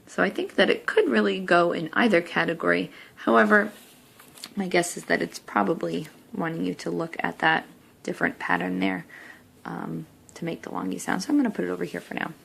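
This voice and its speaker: A young woman teacher talking through a recorded spelling lesson, saying words slowly and clearly one at a time. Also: on the low side, steady tone, a bit bright, a little hiss or hum. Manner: slow, clear word-by-word demonstration.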